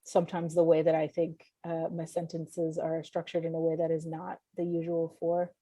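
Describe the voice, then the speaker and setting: A woman's voice: deep voice, completely flat delivery, normal speed, warm tone, dry recording. A woman from Puerto Rico whose first language is Spanish, a guest writer talking casually and thoughtfully, often restarting her sentences. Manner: thoughtful, searching, with frequent restarts and fillers. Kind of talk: casual conversation.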